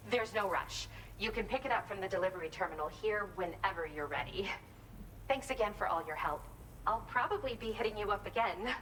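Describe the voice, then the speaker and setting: An actress playing a calm female scientist in a game, giving a polite, matter-of-fact briefing. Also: medium pitch, recorded from a distance, slight background noise, close to an everyday voice, rough recording. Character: female scientist studying genes and wildlife, calm. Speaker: game character. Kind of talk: game dialogue.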